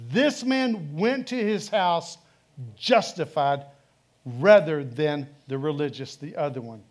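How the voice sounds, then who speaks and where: A man preaching from the pulpit with a notably high voice. He hammers his points home through repetition and rhetorical questions, building emphatic sermon rhythm. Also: a little mellow. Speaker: pastor. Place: church sanctuary.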